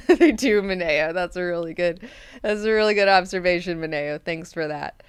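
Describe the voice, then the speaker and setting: A woman hosting a book club, recapping chapters in a chatty, animated way with frequent filler words. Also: fairly low pitch, moderate pace, clear, resonant tone, no echo, clean studio sound.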